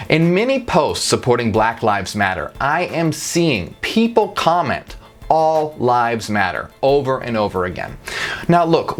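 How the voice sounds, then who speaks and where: Woman host, blunt persuasive monologue, lower voice, faint music underneath. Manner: emphatic and blunt, with swearing. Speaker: channel host.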